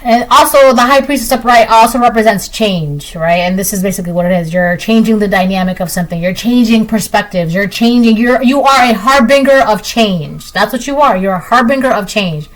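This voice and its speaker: A woman's voice: medium pitch, fairly quick, few pauses, rough recording. Chatty woman reading tarot. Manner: chatty, repetitive, tags lines with "right?". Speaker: tarot reader. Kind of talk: casual collective tarot reading.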